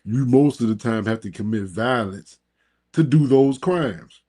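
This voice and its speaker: A man commentating on a live stream, mocking and sarcastic, his voice jumping up high when he scoffs and talking straight at his audience. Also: unhurried, mellow. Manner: talks directly to the audience. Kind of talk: reacting to a replayed live stream.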